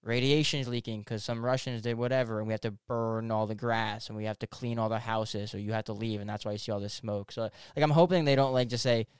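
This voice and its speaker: A man's voice: lowish voice, smooth, no room sound, clean studio sound. A man hosting a casual podcast chat, talking animatedly and swearing freely. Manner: animated, swearing, quick laughs. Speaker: podcast host.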